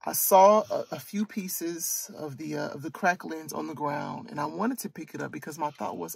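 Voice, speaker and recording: A woman in her late thirties from Michigan hosts a casual storytime. Her voice is gravelly with a husky edge. She speaks candidly and earnestly, often looping back to repeat a point. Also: low-pitched, normal speed, few pauses, darkish tone, dry recording. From Michigan, USA. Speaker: host and coach for women.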